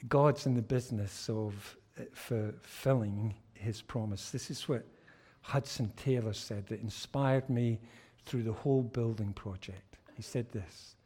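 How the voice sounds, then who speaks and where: A man preaching a sermon as pastor, telling stories with emphasis and letting phrase ends fall quiet. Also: medium pitch, takes it slowly, hardly any pauses, husky.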